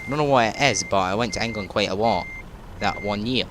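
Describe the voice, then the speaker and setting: A man's voice: on the low side, brisk. A teenage boy with a Scottish accent, rambling through casual gameplay commentary and often correcting himself mid-sentence. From Scotland. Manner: chatty, tangential, self-correcting. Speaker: gaming YouTuber. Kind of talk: rambling let's-play commentary. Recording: truck engine and traffic sounds under voice. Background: driving game sounds with reversing beeps.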